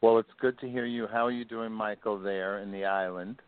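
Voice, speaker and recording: A man's voice: lowish voice, fairly even intonation, fairly quick, clear, resonant tone, dry recording. A man calling into a radio show, enthusiastic and rambling, full of praise for the guest. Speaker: caller. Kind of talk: phone-in chat. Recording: telephone line.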